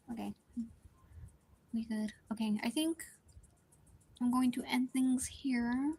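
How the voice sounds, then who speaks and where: A young woman chatting casually on a live art stream, talking quietly and rambling with many likes and restarts. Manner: speaks quietly at low volume, partly whispering. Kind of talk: casual live-stream chat while drawing.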